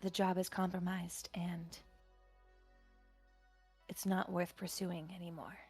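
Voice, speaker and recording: Hesitant woman with a gravelly low voice. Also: little pitch movement, slow, darkish tone, soft background music. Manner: hesitant, lots of ums. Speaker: player.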